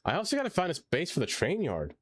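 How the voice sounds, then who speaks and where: A non-American man live-streams a game, chatting playfully, thanking viewers, reading chat aloud and groaning theatrically at his mistakes. His voice is a little high with huge pitch swings, his pace is quick, and there's heavy background noise.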